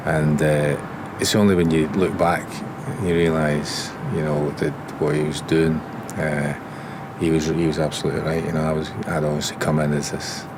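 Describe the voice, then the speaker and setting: A former footballer earnestly recalling an embarrassing first day in an interview. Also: male voice, extremely low pitch, level tone, moderate pace, background noise. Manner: earnest, self-deprecating. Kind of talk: reflective interview.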